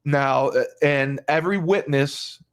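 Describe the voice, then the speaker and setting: A man's voice: fairly high pitch, a little slow. A male podcast host retelling a crime case in casual talk, emphatic, repeating phrases and restarting often.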